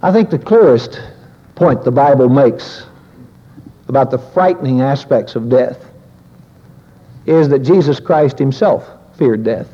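A man preaching a sermon in an earnest, measured, reflective way. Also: medium pitch, warm tone. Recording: old lo-fi recording with long reverb.

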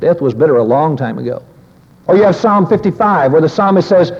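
A man's voice: fairly high pitch, animated, breathy edge. Earnest male preacher in a reverberant hall. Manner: earnest, measured, reflective. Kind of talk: sermon. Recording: old lo-fi recording with long reverb.

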